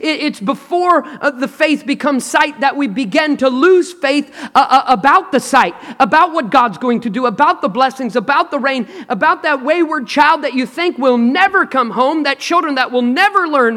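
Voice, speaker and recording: A male pastor preaching a sermon in a large auditorium. He speaks emphatically and swings between loud, dramatic lines and hushed ones, and calls on the congregation to respond. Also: extremely high pitch, normal speed, hardly any pauses. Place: large auditorium with long reverb. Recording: long hall reverb.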